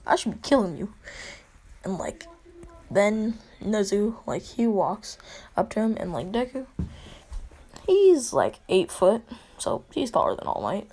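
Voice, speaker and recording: A woman's voice: medium pitch, sing-song, slow pace, long pauses, dark tone. A woman rambling through a made-up fan story, full of "like.". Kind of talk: casual storytelling.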